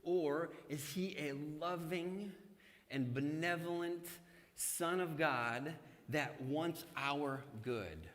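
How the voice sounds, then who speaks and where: A man's voice: fairly high pitch, slow pace, fairly bright tone. A middle-aged male pastor preaching a sermon in a church sanctuary, mixing scripture with humorous personal stories in a conversational way. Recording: long church hall reverb.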